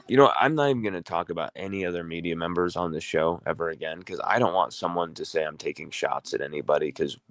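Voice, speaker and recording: A man hosting a casual sports talk livestream, rambling and conversational, often correcting himself mid-sentence. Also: sits low. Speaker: sports talk show host.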